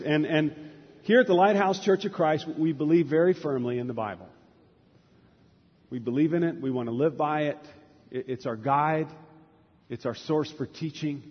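A man's voice: fairly high pitch, breathy edge. A man preaching a sermon as pastor, repeating key words for emphasis. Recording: reverberant church hall, dull lo-fi.

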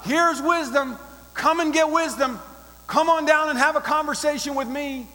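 A man voicing wisdom personified as a woman, calling out loudly and pleading with passers-by. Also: very high-pitched, normal speed, long reverb tail, voice pushed up.

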